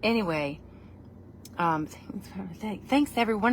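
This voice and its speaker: A woman's voice: fairly low pitch, normal speed, a bit bright, slight background noise. A woman, chatting in a casual, rambling vlog, playful and self-mocking. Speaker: vlogger.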